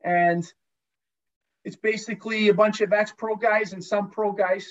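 Guy telling a sweary hockey-style war story, lots of false starts, kinda dull low-fi audio. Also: steady tone, a little slow. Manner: profane, rambling anecdotes with many restarts. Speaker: podcast guest, former pro hockey goalie. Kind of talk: casual storytelling chat. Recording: dull lo-fi sound.

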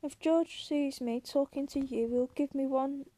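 A woman voicing a big, simple-minded male farmhand who talks in a slow, pleading, fearful way. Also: sits high, fairly even intonation, warm tone, no room sound. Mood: wary.

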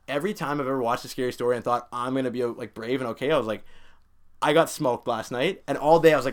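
A young man in casual podcast chat, telling a story in an animated, chatty way with lots of filler words. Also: mid-range voice, quick pace. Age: young adult.

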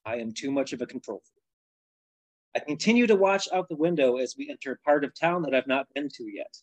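A man's voice: mid-range voice, expressive, a little fast, no echo, poor audio. Man reading his novel, dry close sound. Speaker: author reading his book. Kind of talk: first-person fiction reading. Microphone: video call.

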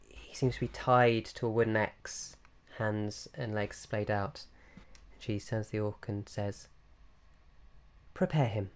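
Unhurried man narrating as game master. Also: on the low side, flat delivery, smooth. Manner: descriptive, unhurried, with fillers.

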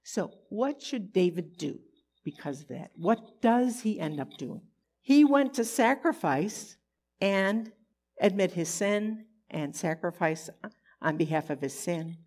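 A woman teaching a conversational Bible lesson, animated and expressive, often asking her listeners rhetorical questions. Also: on the low side, slow pace.

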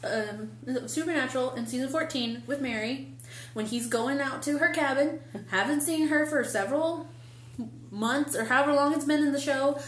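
A woman's voice: high voice, normal speed, roomy sound. A woman co-hosting a podcast, ranting in a heated, exasperated way with swearing. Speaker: podcast co-host. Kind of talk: casual chat.

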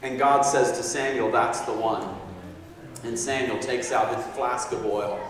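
A man's voice: mid-range voice, normal speed. A man preaching a sermon, telling a story with acted-out quotes and frequent chuckles. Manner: animated, acts out quotes, chuckles often. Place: large echoey hall. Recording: distant mic in echoey hall.

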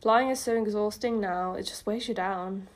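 A woman voicing a pregnant young vampire woman who is weary and teasing, in a soft, sighing read-aloud delivery. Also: medium pitch, normal speed, close to an everyday voice.

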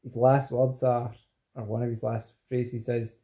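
A man's voice: medium pitch, flat delivery, a little slow, mellow, muffled recording. A Scottish man co-hosting a podcast, chatting enthusiastically and a bit ramblingly about films. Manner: enthusiastic, rambling film talk. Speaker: podcast co-host. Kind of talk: casual chat.

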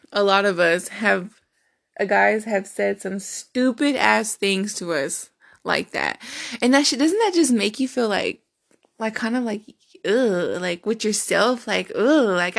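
A young woman with a medium-pitched, fairly bright voice and some vocal fry hosts a podcast. She tells dating stories in a candid, profane way, laughing as she goes, in a casual storytelling monologue.

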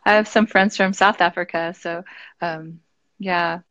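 A woman's voice: fairly low pitch, steady tone, unhurried, a bit bright, no room sound. A woman chatting casually and asking friendly questions. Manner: friendly, asks many questions. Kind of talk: casual video chat.

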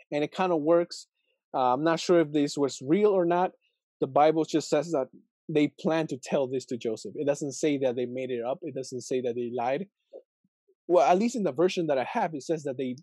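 Young male host, casual scripture musing, slightly high mellow voice, dry close sound. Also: moderate pace, no room sound. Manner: thinking aloud, many fillers and rhetorical questions. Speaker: video host reflecting on scripture. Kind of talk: casual Bible reflection video.

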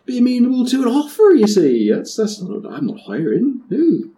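A sly, hooded informant with a hammy West Country drawl, put on by a man running a tabletop game. He wheedles and hedges in a warm, dark voice. When pressed, he flusters into high, rapid denials. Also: sing-song. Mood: flustered. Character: shifty hooded male informant, sly and nervous.

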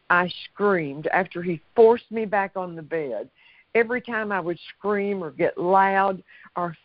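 A woman giving personal testimony in an interview, halting and hesitant, repeating her words. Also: fairly low pitch, no room sound. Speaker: interview guest. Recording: dry, dull lo-fi sound.

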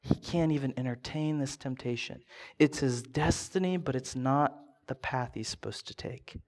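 A young adult man preaching a sermon in a relaxed, conversational way, now and then acting out the voices he quotes. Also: medium pitch, moderate pace. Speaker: pastor.

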